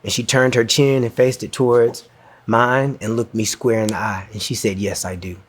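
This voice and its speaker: A man speaks at a middle pitch, earnest and reflective as he tells a personal story from a stage. He slips into quoted dialogue now and then, and the feeling in his voice rises as the story moves on. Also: fairly even intonation, normal speed. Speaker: speaker giving a talk.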